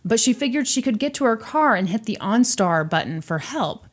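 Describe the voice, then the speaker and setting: A woman hosting a podcast, retelling a true crime story in casual chat with animated, sarcastic asides. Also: on the high side, normal speed.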